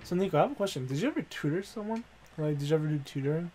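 Give me a crude joking young man, a bit high-voiced. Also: expressive, very fast, warm tone, a little hiss or hum. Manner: crude, joking anecdotes full of swearing. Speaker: co-host of a gaming show. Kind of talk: casual let's-play banter. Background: faint game music.

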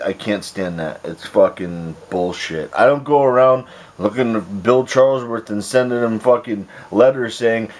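Exasperated everyday man, profane home-video rant, lively pitch. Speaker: vlogger.

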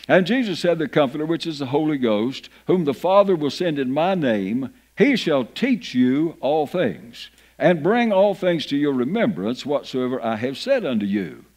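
Animated preacher man, lively rising voice. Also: a little high, moderate pace, hardly any pauses. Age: over 50. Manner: reads scripture aloud, folksy asides. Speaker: pastor. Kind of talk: sermon. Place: church sanctuary.

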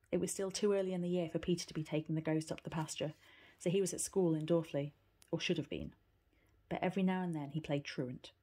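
Woman, storybook reader, husky, lowish voice, steady narration. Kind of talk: storybook reading.

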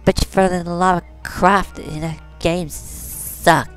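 A woman's voice: lowish voice, steady tone, a little slow, smooth, soft background music, lightly acted. A woman voicing a vain, catty fashion doll who talks in valley-girl slang and brags while commenting on a game. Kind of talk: comedic game commentary in character.

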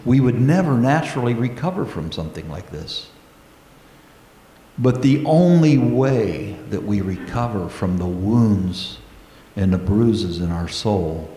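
Male pastor, low voice, slow deliberate sermon delivery, reverberant sanctuary sound. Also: animated, warm tone, slight background noise. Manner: earnest, slow preaching with prayerful pauses. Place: church sanctuary. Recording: echoey church hall.

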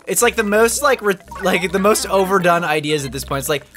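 A man's voice: high voice, animated, fairly quick, fairly bright tone. A young man co-hosting a let's play, chatting casually with rambling asides and easy laughs. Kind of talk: casual gameplay banter. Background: game music.

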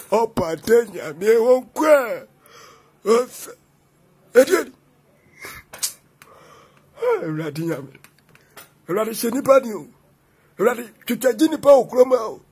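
A man giving excited reaction commentary, exclaiming and repeating calls to God, sometimes half-singing. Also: very high-pitched, moderate pace, pauses often, husky.

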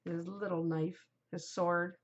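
A woman's voice: on the low side, flat delivery, slow, highs cut off. A middle-aged woman hosting a podcast, chatting casually and giggling, easily distracted. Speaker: podcast host. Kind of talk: casual chat to camera.

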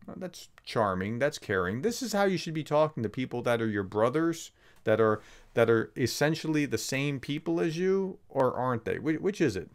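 A man's voice: very animated, normal speed. Sarcastic male professor giving commentary. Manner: conversational, sarcastic, emphatic rising pitch. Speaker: professor explaining war context. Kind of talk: video commentary on a clip.

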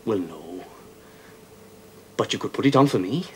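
An actor with a Welsh accent playing a blunt but affectionate miner husband in a 1970s television drama. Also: male voice, on the low side, animated, unhurried, a little mellow, a little hiss or hum. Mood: chatty. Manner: rough, chatty, affectionate. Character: blunt, fond Welsh miner, adult man.

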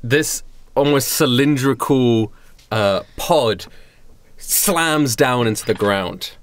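A man narrating as game master of a tabletop game, halting, with many fillers and restarts. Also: mid-range voice, animated.

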